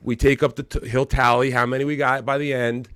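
A male podcast co-host talks in loose, rambling banter, swearing freely and sliding into a low, downbeat tone on serious points. His pitch sits in an ordinary middle range. The sound is close and dry, with no room in it. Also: flat delivery, brisk, fairly bright tone, no room sound.

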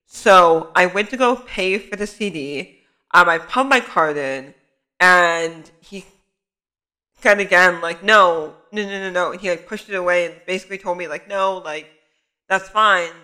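A young man, a student photographer, tells a story to the camera in a casual, chatty way, packing his animated retelling with "like" fillers. His voice sits high and his pace is measured. The recording is rough.

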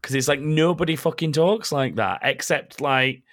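A man's voice: fairly high pitch, moderate pace, a bit bright. A man co-hosting a casual gaming podcast, ranting bluntly and swearing freely. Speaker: podcast co-host.

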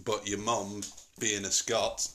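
A man's voice: on the low side, little pitch movement, slow pace, fairly bright tone, a little hiss or hum. A middle-aged man with a Northern English accent, hosting a casual family chat at home in a rambling, jokey, digressive way. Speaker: podcast host.

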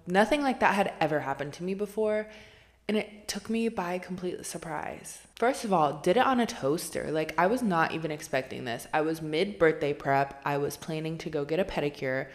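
A young woman hosting a podcast, telling a story from her own life in a loose, chatty way. Her voice sits low for a woman. She swears easily and leans on filler words. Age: 20s. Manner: chatty, animated, swears casually, lots of "like". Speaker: podcast host. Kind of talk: casual storytelling.

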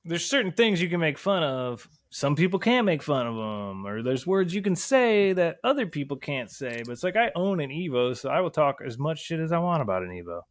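A man's voice: fairly high pitch, very animated, brisk, few pauses, dry recording. A young adult man chatting casually as a podcast guest, rambling and swearing often in a laid-back way. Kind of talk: casual chat.

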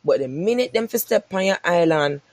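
A woman's voice: fairly low pitch, expressive, fairly quick, darkish tone, dry recording. Woman ranting on a podcast, keeps asking you understand, dry close mic. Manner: emphatic, repeats points rhetorically. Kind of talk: casual chat.

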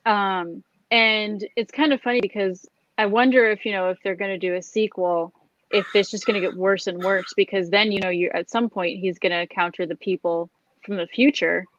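A woman's voice: medium pitch, moderate pace, no room sound, highs cut off. Chatty woman reviewing a film, dry sound. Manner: animated, laughs often, frequent fillers. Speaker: podcast co-host. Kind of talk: casual film review chat.

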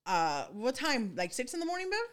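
A woman's voice: on the high side, very animated, brisk. A woman with a Chicano English accent from Southern California, chatting animatedly, swearing freely and mixing in Spanish. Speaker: podcast host. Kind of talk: casual chat.

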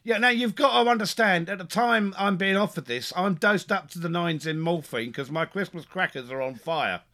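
A man telling a funny family story in a casual podcast chat, animated and chuckling, stumbling over his words as he gets excited. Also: high voice, normal speed. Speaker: podcast co-host.

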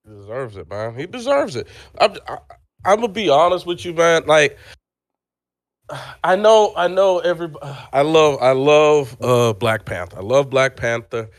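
A man from Nigeria, co-hosting a casual chat, telling animated stories and laughing often. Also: a little high, normal speed, no echo. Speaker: podcast co-host.

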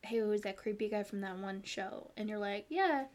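A woman's voice: medium pitch, completely flat delivery, brisk, a crowd in the background. A young woman co-hosting a podcast in casual chat, playful and teasing, laughing often. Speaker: podcast co-host.

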